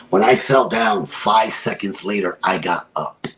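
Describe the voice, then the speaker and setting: A man from a wrestling promotion, appearing as a podcast guest, delivers a dramatic personal story with emphasis and repeated phrases. His voice is fairly low and a bit bright, his pace measured, and the recording rough.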